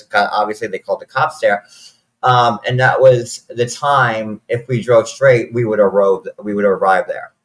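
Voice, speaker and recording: A man's voice: mid-range voice, fairly bright tone, poor audio. A man, telling a personal story in a rambling, casual way, swearing freely and close to tears at times.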